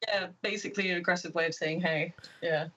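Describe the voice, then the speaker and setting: British woman guest, relaxed casual explainer, lo-fi audio. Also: lowish voice, fast talker. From United Kingdom. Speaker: guest co-host. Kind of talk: casual chat.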